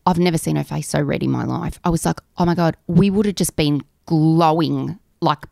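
A woman in her forties, co-hosting a podcast, telling animated stories in casual chat and swearing freely. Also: low voice, moderate pace, vocal fry, no room sound, studio quality. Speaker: podcast co-host.

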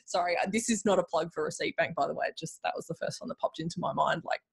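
A woman's voice: fairly low pitch, fast, gravelly, breathy edge. A woman hosting a bookkeeping podcast in a chatty, rambling way, full of fillers and playful quoted voices. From Australia. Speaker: podcast host, bookkeeping coach. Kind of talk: casual solo podcast talk.

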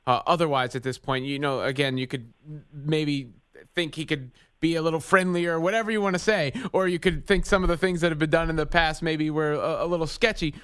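A man's voice: on the high side, steady tone, fairly quick, a bit bright, clear, resonant tone, no room sound. A man hosting a sports radio show from the studio, asking long conversational questions with frequent restarts. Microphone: studio mic.

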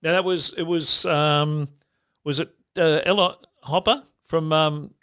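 An Australian man hosting a casual chat, halting and laughing easily. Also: a little high, level tone, sharp tone, clear, resonant tone. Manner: halting, many fillers, easy laugh. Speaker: host.

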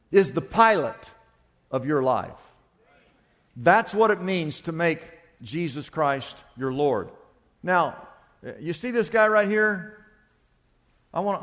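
A man's voice: on the high side, big-room sound. A man preaching a sermon, telling a story emphatically with frequent repetitions. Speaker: pastor.

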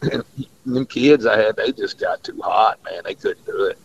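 A man's voice: lowish voice, lively intonation, normal speed, gravelly, slightly rough, no room sound. A man, a fishing guide rambling through stories in casual radio chat and laughing often. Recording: dull lo-fi radio audio.

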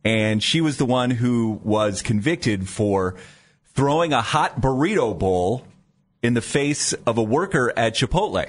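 A man co-hosting a morning radio show from a studio mic, his voice swinging up and down with lively intonation. He banters in a playful, jokey way and rolls into station liners with ease. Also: mid-range voice, unhurried.

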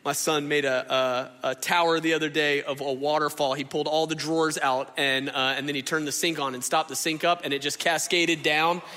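Impassioned preacher man, bright voice. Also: on the high side, fairly even intonation, a little fast, few pauses, in a large hall. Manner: impassioned, conversational, asks the crowd questions. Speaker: pastor. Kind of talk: sermon. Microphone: stage microphone.

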